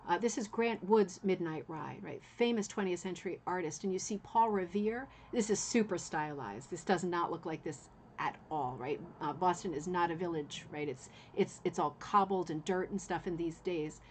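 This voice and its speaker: A woman's voice: on the low side, moderate pace, few pauses, slight background noise. A woman hosting a rug hooking channel, talking viewers through a bit of history in a chatty way, with many fillers and "right?" asides. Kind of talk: casual history talk to viewers.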